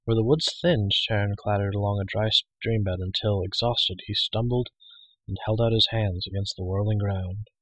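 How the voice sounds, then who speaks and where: Male audiobook narrator, steady, low, husky, dry close mic. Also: no room sound, muffled recording.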